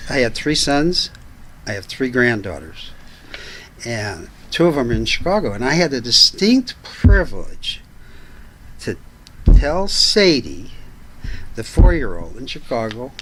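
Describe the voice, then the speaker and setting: A man's voice: mid-range voice, a bit bright, a little hiss or hum, low-quality recording. An older man, a guest on a talk show, telling family stories in a chatty, anecdotal way and laughing as he goes. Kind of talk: casual storytelling chat.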